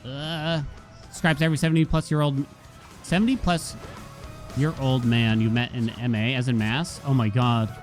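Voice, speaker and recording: Male streamer, mid pitch, relaxed storyteller, game music faint behind. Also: normal speed. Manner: chatty storytelling, acts out quotes. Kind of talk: casual gaming stream chat.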